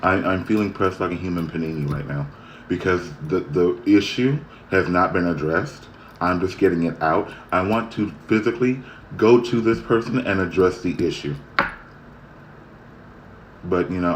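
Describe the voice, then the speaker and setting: A man talking straight to the camera in a casual vlog, venting his annoyance in a heated, repetitive way that swings from loud to quiet. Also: low voice, normal speed, slight background noise, low-quality recording. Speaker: vlogger. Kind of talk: casual ranting monologue.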